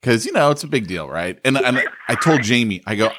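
Lively man telling a story with a laugh. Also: mid-range voice, a little fast, background noise. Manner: laughing, self-mocking storyteller. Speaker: podcast co-host. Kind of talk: casual podcast storytelling.

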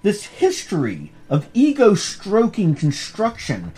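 A man's voice: high-pitched, slow pace. A man hosting a podcast course as professor, lecturing casually and joking along the way. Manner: animated, joking, digressive. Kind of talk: casual lecture on a comic book.

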